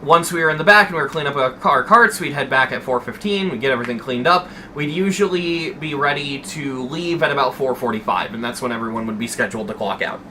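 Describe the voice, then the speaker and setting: A man's voice: medium pitch, quick pace, hardly any pauses, pushed and bright, slight background noise. A young man streaming, telling a story to his chat in a casual, rambling way and swearing freely.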